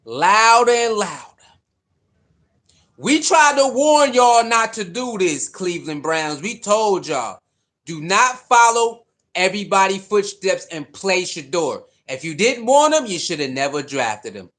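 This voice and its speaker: A man's voice: high voice, unhurried. A man giving a heated, repetitive casual rant about a football team's quarterback choices. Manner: animated, repetitive, preachy. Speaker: sports commentator.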